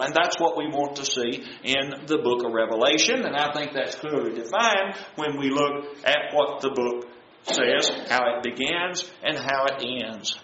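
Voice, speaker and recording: A man's voice: on the high side, pushed and bright. A man teaching a Bible study in sermon style, earnest and folksy, asking the listeners questions and answering them himself. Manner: plain, folksy paraphrase of scripture. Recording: roomy, dull sound with faint noise.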